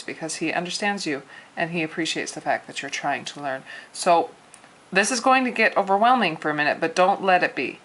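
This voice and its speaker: Bright-voiced woman teaching at a whiteboard. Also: low voice. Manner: friendly, rambling with frequent restarts and little laughs. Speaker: language teacher. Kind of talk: casual video lesson at a whiteboard.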